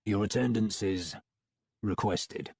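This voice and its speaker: A narrator lowering his voice into a stiff, stern sergeant-at-arms, flat and curt. The tone is a touch deeper and quieter than the storytelling, warm and husky in a dry booth. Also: slow pace, dry recording, exaggerated voice.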